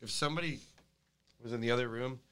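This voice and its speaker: Hombre que charla relajado en un podcast, se ríe mucho y divaga, con voz brillante. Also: male voice, medium pitch, fast, fairly bright tone, clean tone. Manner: laughs often, rambling. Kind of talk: casual chat.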